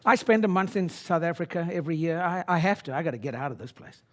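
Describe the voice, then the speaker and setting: A man's voice: animated, fast talker, a little hiss or hum. Brash older man rousing a seminar crowd. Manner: brash, swings from low asides to loud exhortation. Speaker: seminar speaker. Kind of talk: motivational seminar talk. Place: conference room before an audience.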